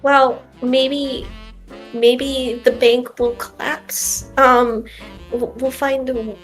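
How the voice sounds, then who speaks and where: A woman's voice: high voice, level tone, drawn-out words, faint music behind. A woman playing a tabletop role-play game, talking in a hesitant, pleading way. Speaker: player.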